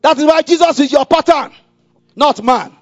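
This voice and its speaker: A man preaching a sermon, dropping to a murmur and rising to loud, emphatic calls, repeating key lines for the congregation to say back. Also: very high-pitched, moderate pace, no echo. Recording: dull lo-fi recording with faint music.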